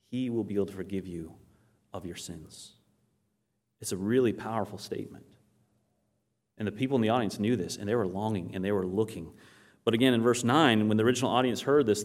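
A man's voice: fairly low pitch, a little mellow. A man from Maine with a northern Maine accent, preaching a sermon and telling stories, often asking the audience questions. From Maine, USA. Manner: storytelling, acts out quoted voices, asks the audience questions. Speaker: pastor.

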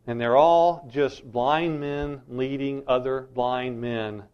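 A man's voice: medium pitch, steady tone, slow, smooth, dull audio. A middle-aged man preaching a sermon as a pastor, emphatic and insistent.

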